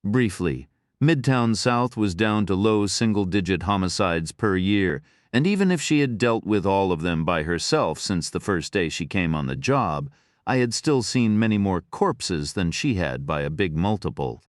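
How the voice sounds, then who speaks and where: A man reading a thriller audiobook in first person, steady and matter-of-fact. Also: sits low, moderate pace, no room sound, studio quality. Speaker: audiobook narrator.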